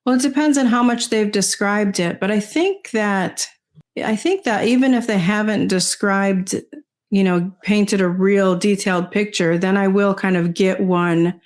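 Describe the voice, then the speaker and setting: An older woman talking as an interview guest, rambling casually with many "you know"s and soft laughs. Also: mid-range voice, unhurried. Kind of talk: casual conversation.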